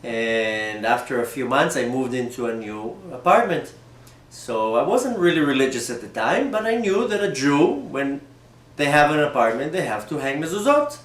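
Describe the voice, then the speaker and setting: A rabbi telling a personal story in an animated way, often repeating and restarting his words. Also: mid-range voice, normal speed, reverberant. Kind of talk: storytelling talk.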